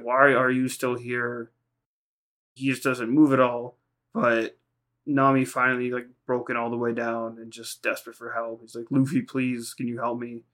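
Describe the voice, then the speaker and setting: A podcast co-host with a medium-pitched, fairly bright voice recaps anime episodes in a casual, rambling and profane way. He acts out lines in quoted voices along the way.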